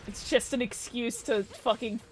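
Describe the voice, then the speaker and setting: A woman's voice: a little high, unhurried, soft background music. A young woman giving casual, rambling commentary while streaming a game, swearing and laughing often.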